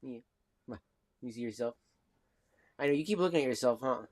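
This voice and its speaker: Man cooing softly on a live stream. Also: medium pitch, brisk, dry recording. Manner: coos affectionate baby talk at a pet cat; soft-spoken, drifting between murmurs and bright calls. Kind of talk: casual live-stream chat.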